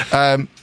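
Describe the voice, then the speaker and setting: Broadcasting live from a radio studio, a Scottish man hosts his show, rambling casually, amusing himself, and chuckling often. His tone is fairly bright.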